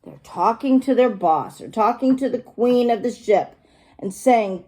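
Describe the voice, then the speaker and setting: A teacher reading a picture book aloud to young children, stopping to explain and ask them questions. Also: female voice, on the high side, measured pace. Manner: animated, asks the children questions.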